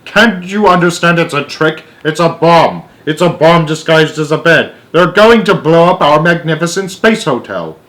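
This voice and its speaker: A man voicing a rude, blustering male President with a rasping voice, in a storybook read-aloud. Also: fairly high pitch, sing-song, normal speed, a bit bright, pitched above the performer's own voice, poor audio. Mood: bossy, barking. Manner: barking, impatient.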